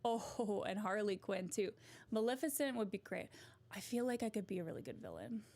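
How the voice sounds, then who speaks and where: A woman's voice: medium pitch, lively intonation, moderate pace, a little mellow. A woman vlogger chatting casually to camera, giggly and poking fun at herself. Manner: giggly and self-mocking.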